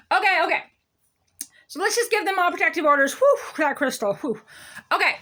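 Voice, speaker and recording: A woman's voice: very high voice, a bit bright. A woman delivering a sarcastic, emphatic ranting monologue as a local commentator. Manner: sarcastic, emphatic, self-mocking.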